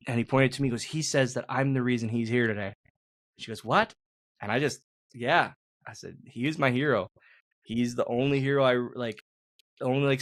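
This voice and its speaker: A man's voice: mid-range voice, no room sound, clean studio sound. A man, a former wrestler hosting a podcast, telling a story in rambling casual chat, repeating words and swearing casually.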